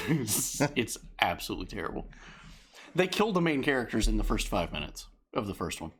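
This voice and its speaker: A man co-hosting a live stream, chatting casually, excitable and profane, laughing often. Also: fairly low pitch, a little fast, slightly rough. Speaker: stream co-host.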